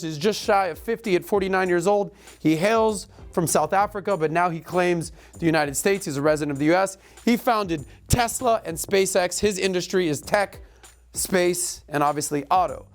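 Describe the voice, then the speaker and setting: Middle-aged male podcast host, casual rapid-fire delivery, joking asides, faint music underneath. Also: high-pitched.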